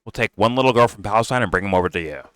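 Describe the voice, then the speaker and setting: A man hosting a reaction stream, ranting and mocking loudly with constant swearing and sudden animated outbursts. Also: lowish voice, very fast, smooth. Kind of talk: profane live reaction commentary.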